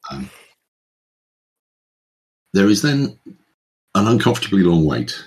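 A man narrating a tabletop game as game master, in a very low voice. He describes the scene haltingly and fills the gaps with ums and uhs. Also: sing-song.

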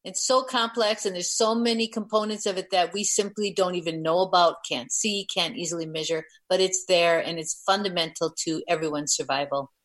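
Low-voiced woman, impassioned guest. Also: fairly even intonation, a little fast, few pauses, fairly bright tone. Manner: earnest, impassioned. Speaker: author and organic farmer, guest. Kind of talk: radio interview.

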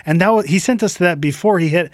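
A man talking sports on a casual podcast, his voice sitting a little high. He rambles with enthusiasm and laughs easily. The sound is close and dry. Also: quick pace, no room sound. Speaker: podcast co-host.

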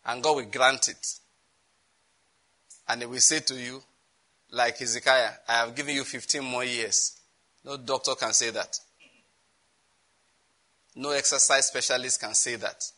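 A man's voice: medium pitch, steady tone, unhurried, long pauses, sharp tone, poor audio. A man preaching a sermon on prayer, chatty and often breaking into laughter. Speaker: pastor.

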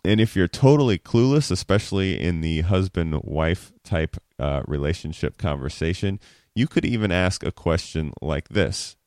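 A deep-voiced man explains conversation techniques in a relaxed, teacherly way. He keeps checking in with the listener as he goes. The sound is dry and close. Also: normal speed, no room sound. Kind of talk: explaining communication skills.

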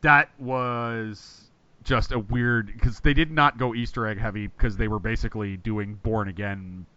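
Rambling excitable man, bright lo-fi voice. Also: lowish voice, a little slow, no echo. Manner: excitable, rambling, swears and laughs often. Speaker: podcast co-host. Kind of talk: casual chat.

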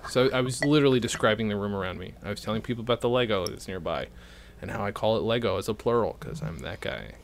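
A man's voice: lowish voice, animated, fast talker, creaky, a little hiss or hum. A man hosting a casual podcast from a home studio, rambling and self-deprecating with lots of jokes and fillers. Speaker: podcast host.

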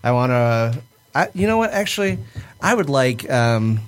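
A man's voice: mid-range voice, sing-song, normal speed, smooth. Teasing man hosting a podcast. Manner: laughing, loose and teasing. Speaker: podcast host. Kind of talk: casual banter.

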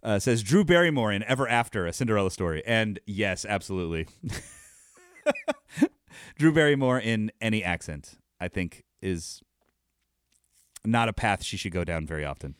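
A man's voice: lowish voice, animated, moderate pace, long pauses, dry recording, studio quality. A man co-hosting a podcast in casual chat, laid-back and often chuckling. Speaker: podcast co-host.

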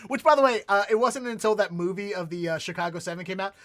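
Casting note: male podcast host, Baltimore accent, bright, high voice, laughy and chatty. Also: fast. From Baltimore area, US. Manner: laughs often, lots of filler "uh"s. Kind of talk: casual chat.

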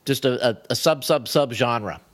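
A man hosting a casual talk show, speaking in a measured, mildly amused way. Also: mid-range voice. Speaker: podcast host. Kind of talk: casual chat.

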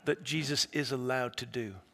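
A man preaching a sermon, retelling a story dramatically and swinging between loud, emphatic lines and hushed, quiet ones. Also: mid-range voice, normal speed. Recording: long reverb of a large hall.

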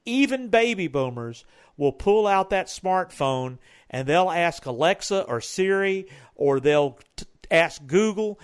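A man co-hosting a talk, giving business advice in a rambling, loosely built way. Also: sits high. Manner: rambling, with many restarts and fillers.

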